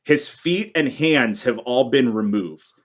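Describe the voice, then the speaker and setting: A man running a tabletop game as game master, describing scenes in a relaxed, easygoing way. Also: medium pitch, takes it slowly.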